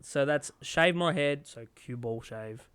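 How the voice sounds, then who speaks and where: A man's voice: fairly high pitch, unhurried, crowd noise. An Australian man telling stories in a rambling, swearing casual chat.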